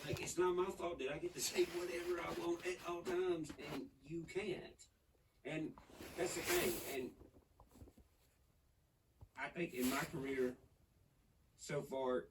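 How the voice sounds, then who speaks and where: A man's voice: fairly high pitch, steady tone, a little slow, long pauses. Man from Nashville, podcast guest, profane rambling storyteller; a bit distant mic, faint hiss. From Nashville, Tennessee. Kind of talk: casual podcast chat.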